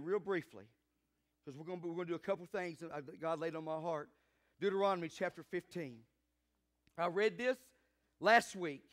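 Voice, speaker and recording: With a high voice, a man preaches as a pastor, fervent and urging responses from the congregation. He climbs to loud, emphatic peaks.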